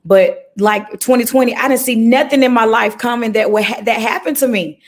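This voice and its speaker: A woman who records gospel music is a guest in a conversational interview, sharing her story as emotional, animated testimony. Her voice sits fairly high and she talks fairly quickly.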